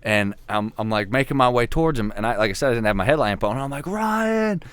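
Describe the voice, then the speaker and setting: A man telling a hunting story in casual podcast chat, swearing freely and getting animated as he talks. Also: fairly low pitch, racing, clean tone, no echo. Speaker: podcast co-host.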